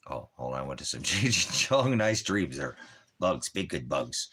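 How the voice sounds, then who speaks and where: A man's voice: extremely low pitch, animated, unhurried, a bit bright, breathy edge. A man hosting a ministry stream from home, rambling in a casual monologue full of puns and rhyming wordplay. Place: at home with a dog and a fire.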